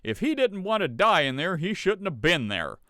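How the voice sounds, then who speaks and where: A man's voice: sits high, very animated, normal speed, sharp tone, no echo, clean studio sound, pitched above the performer's own voice, exaggerated voice. A man putting on the voice of an indignant female fire chief in a sarcastic, exaggerated parody.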